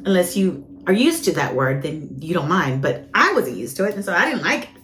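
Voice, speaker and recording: A woman hosting a ministry podcast, telling a personal testimony with lively acted-out quotes and plenty of fillers. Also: lowish voice, fairly quick, roomy sound, a little hiss or hum. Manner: animated storyteller, acts out quoted voices, frequent fillers.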